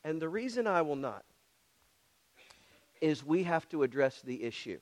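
High-voiced, blunt preaching man. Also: very animated, normal speed. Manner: direct, repetitive and challenging, talks to the congregation. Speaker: pastor. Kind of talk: sermon.

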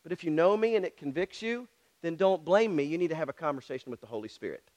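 A man's voice: a little high, lively intonation, fast, a little mellow. A pastor preaching a sermon, speaking directly and challenging his congregation with repeated questions.

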